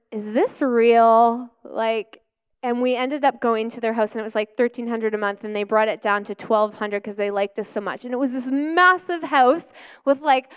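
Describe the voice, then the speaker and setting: A woman pastor preaching a personal testimony, telling stories with lively acted-out quotes and easy laughs. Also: on the high side, clean tone. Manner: animated storytelling, acting out quotes.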